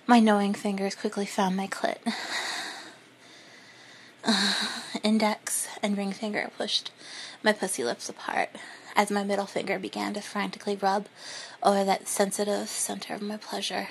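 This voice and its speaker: A woman reading a first-person story in a soft, breathy, unhurried whisper. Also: mid-range voice, completely flat delivery, a little hiss or hum. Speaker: narrator.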